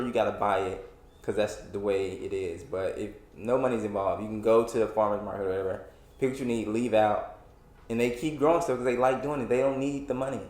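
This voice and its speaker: In his twenties, this solo podcast host vents in a casual rant, his lowish voice ringing with reverb. He rambles and sounds frustrated, restarting sentences often and leaning on fillers.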